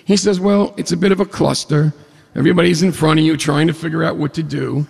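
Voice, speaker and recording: A man telling a humorous personal story to an audience, animated, jumping up in pitch when he quotes dialogue. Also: moderate pace, vocal fry, slightly rough. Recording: long hall reverb.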